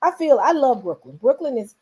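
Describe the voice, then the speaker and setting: A woman from Memphis with a Southern accent, hosting a casual commentary vlog, animated and rambling as she talks straight to her viewers. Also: high voice, a little fast, breathy edge. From Memphis, Tennessee. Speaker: vlogger host.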